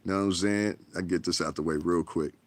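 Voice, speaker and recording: Low-voiced man ranting frankly. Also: fairly even intonation, quick pace. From United States. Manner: frank, profane, rambling. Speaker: livestream host. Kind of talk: casual livestream rant. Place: bedroom. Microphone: tablet.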